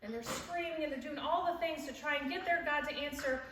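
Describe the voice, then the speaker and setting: Fairly quick and high-pitched, this woman in her forties warmly recounts a personal story with a devotional point at a church event. She laughs along as she talks and performs the voices of those she quotes, recorded from far off in a reverberant church hall amid background noise.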